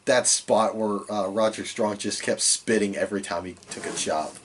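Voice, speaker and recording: Husky-voiced man recapping wrestling casually. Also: lowish voice, normal speed. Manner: relaxed, filler-heavy recapping with quoted asides. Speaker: podcast co-host.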